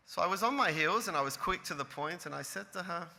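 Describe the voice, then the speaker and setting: Animated rabbi, bright voice. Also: male voice, high-pitched, fairly quick, vocal fry, hardly any pauses, in a large hall. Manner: animated, building to emphatic peaks. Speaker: rabbi, lecturer. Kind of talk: storytelling talk to an audience.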